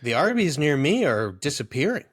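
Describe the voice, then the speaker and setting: At a moderate pace and with a higher-leaning voice, a man in his thirties co-hosts a podcast. He chats casually, telling rambling stories in an amused, animated way.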